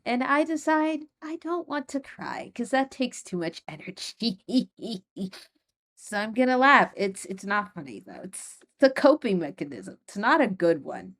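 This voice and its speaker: A woman's voice: on the high side, a bit bright. Rambling young woman, laughing often. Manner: rambling, many "like" fillers, nervous laughter. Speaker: podcast host. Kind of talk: casual solo podcast talk.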